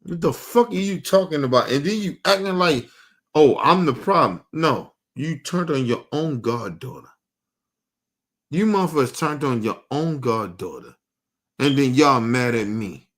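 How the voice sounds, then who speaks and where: At a measured pace, this expressive man, host of a casual stream, delivers a heated, profanity-laced rant. He circles back over the same points and swings between loud outbursts and low muttering.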